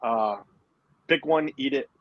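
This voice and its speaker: A man's voice: mid-range voice, slow pace, dry recording, highs cut off. A man hosting a casual livestream from home, chatting and rambling with lots of fillers. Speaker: livestream host. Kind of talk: casual chat.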